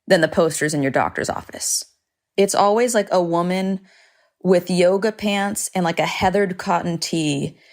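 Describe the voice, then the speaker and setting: A woman with a lowish, gravelly voice tells a personal story as a podcast host. She talks casually, with lots of "like" fillers and the odd swear word. Her storytelling is vivid and dramatic. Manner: chatty, heavy on "like" fillers, swears freely.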